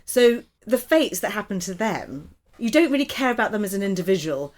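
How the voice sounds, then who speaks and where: A woman's voice: medium pitch, big pitch swings, brisk, a little mellow. A woman hosting a casual podcast chat, chatty and affirming as she talks with her guest. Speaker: podcast host.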